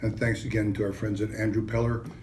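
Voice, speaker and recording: A man presenting a wine and cheese tasting, enthusiastic and casual in a sales-pitch manner. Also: flat delivery, fast talker, darkish tone, a little hiss or hum. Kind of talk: product tasting demonstration.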